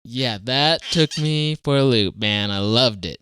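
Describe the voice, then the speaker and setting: A man's voice: medium pitch, a little slow, a bit bright, smooth, dry recording, clean studio sound. A man co-hosting a podcast in casual chat, making wry, joking asides. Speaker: podcast co-host.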